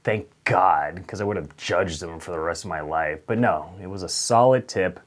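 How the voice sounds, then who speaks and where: A young man telling a funny story straight to camera, swinging from loud acted-out outbursts to low mutters. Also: normal speed. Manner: animated, swings between loud outbursts and mutters, acts out voices. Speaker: storyteller vlogger.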